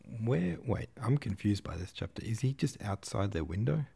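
Low, dark-voiced male reader. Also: big pitch swings, normal speed, gravelly, slightly rough. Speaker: audiobook reader and podcast host. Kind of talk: reading a classic novel aloud.

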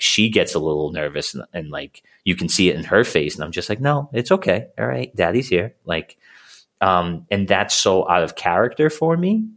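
A man in his thirties with a very low voice talks openly as a coaching client. He rambles and circles back, filling his sentences with "like" and "you know" and restarting as he works out what he means. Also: fairly bright tone. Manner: rambling, many fillers and restarts. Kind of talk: casual conversation.

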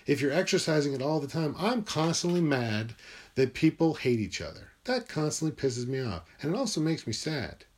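A man's voice: a little high, big pitch swings, moderate pace, a little mellow, a little hiss or hum. Man, solo monologue, meandering, musing, swears, recorded in his room. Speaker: vlogger.

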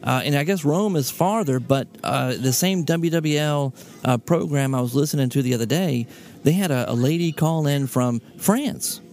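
A man in his thirties from Louisiana, hosting a podcast in casual chat, easygoing and quick to laugh, often trailing off with "uh". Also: fairly high pitch, darkish tone. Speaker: podcast host.

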